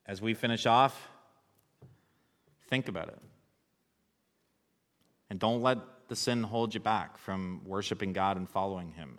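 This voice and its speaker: A man preaching a sermon as pastor, relaxed and conversational, joking with the congregation. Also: fairly low pitch, in a large hall.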